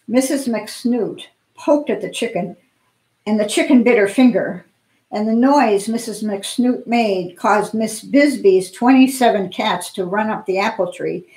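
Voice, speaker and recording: A woman's voice: mid-range voice, darkish tone. Woman reading a playful children's story. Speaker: storyteller at a church service. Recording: echoey room.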